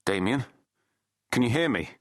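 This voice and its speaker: A man's voice: medium pitch, expressive, normal speed, fairly bright tone, dry recording, clean studio sound, pitched above the performer's own voice, lightly acted. A man voicing a shaken man finding an injured rider, speaking in an urgent, strained way.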